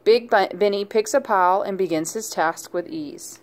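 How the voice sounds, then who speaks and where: A woman narrating a children's picture book aloud in a clear, gentle storytelling manner. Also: medium pitch, moderate pace. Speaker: storybook reader.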